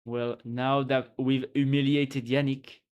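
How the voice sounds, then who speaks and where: A man from France with a French accent, streaming and chatting casually in English, playful and quick to laugh, often trailing off and restarting. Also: mid-range voice, level tone, darkish tone, smooth, muffled recording. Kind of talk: casual live-stream chat.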